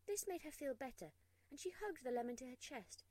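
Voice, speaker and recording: A woman narrating a storybook aloud, expressive and hushed in tense moments. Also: sits high, a little fast, dry recording, rough recording.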